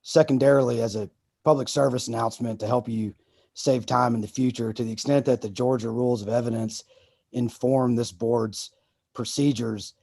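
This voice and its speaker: A man's voice: mid-range voice, steady tone, normal speed, vocal fry, dark tone, breathy edge, no room sound, clean studio sound. A man, a lawyer, making a precise, formal statement at a public hearing.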